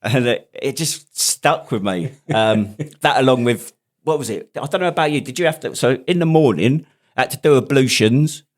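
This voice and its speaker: A man's voice: mid-range voice, moderate pace. A man, a podcast host and army veteran telling stories in casual, laughing banter. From United Kingdom. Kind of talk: casual chat.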